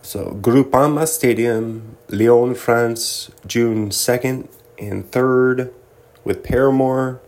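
A man's voice: mid-range voice, slow, darkish tone. A young man hosting a casual solo commentary, joking and laughing often as he reads through a list. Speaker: host.

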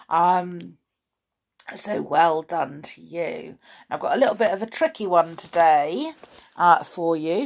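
A woman hosting a podcast in a playful, chatty way, drawing out words for emphasis. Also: fairly low pitch. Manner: playful, drawn-out emphasis, chatty with many fillers. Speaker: podcast host. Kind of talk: casual chat to listeners.

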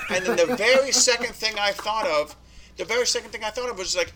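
A man telling his story as a podcast guest, animated and swearing, acting out what people said to him. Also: sits high, quick pace, a crowd in the background. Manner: animated, swearing, acts out quoted dialogue. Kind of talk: storytelling interview.

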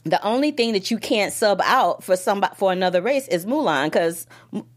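A woman's voice: medium pitch, brisk. A woman hosting a film critic show, talking emphatically and straight to her viewers in a casual chat. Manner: emphatic, animated, talks straight to the audience.

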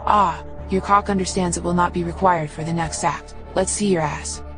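A woman's voice: on the low side, steady tone, moderate pace, fairly bright tone, faint music behind, natural voice. A woman voicing a gloating, shapeshifting male demon who talks in a mocking, taunting way.

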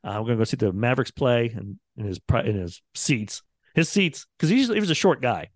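A radio producer chats casually on a podcast, his medium-pitched voice expressive and fast. He rambles through his stories and acts out quotes from the people in them, recorded with clean studio quality and no room sound.

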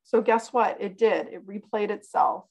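A woman's voice: mid-range voice, normal speed, darkish tone, rough recording. A woman guest on a podcast, telling a personal story in an earnest, candid way. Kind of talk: casual conversation, personal storytelling.

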